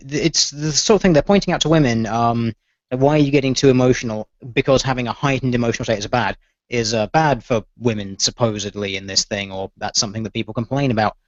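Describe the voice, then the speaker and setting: A man of middle pitch argues on a podcast, stacking rhetorical questions. His audio is dry and dull, with a lo-fi edge. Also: a little fast, no echo. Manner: argumentative, building points with rhetorical questions. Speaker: podcast co-host. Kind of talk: casual panel chat.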